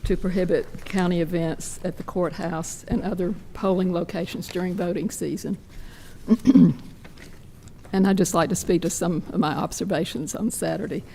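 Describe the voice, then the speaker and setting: A hoarse woman giving a detailed, measured public comment at a podium mic in a county meeting room. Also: fairly low pitch, steady tone, warm tone, slight background noise.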